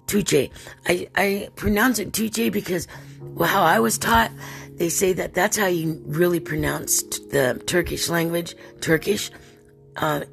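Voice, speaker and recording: A woman's voice: on the low side, vocal fry. A woman hosting a podcast alone, talking in a rambling, chatty way and laughing often. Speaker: podcast host. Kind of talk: casual solo podcast monologue.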